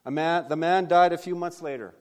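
A male pastor delivers a sermon in an earnest, steady storytelling manner, his voice sitting a little higher than most men's. A long reverb trails each phrase, as in a large church hall. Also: fairly quick. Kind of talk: sermon storytelling and scripture reading.

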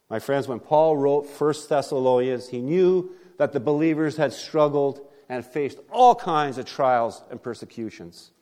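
A man preaching a sermon at a church service. He builds points with emphatic stresses and rhetorical questions, rising loud and dropping to quiet asides. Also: medium pitch. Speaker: pastor.

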